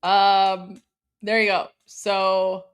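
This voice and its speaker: A woman's voice: medium pitch, level tone, very slow, clear, resonant tone. A woman in her forties from Canada, hosting a live stream in a bubbly, chatty way with frequent laughter. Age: 40s. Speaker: livestream host. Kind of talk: casual live-stream chat.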